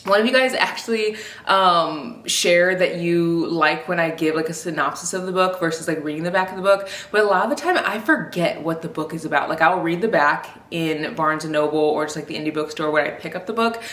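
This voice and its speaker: Young woman vlogger, chatty and rambling, lowish voice, echoey room. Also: a little fast, fairly bright tone. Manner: chatty, rambling, heavy use of "like". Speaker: book vlogger. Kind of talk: casual chat to camera.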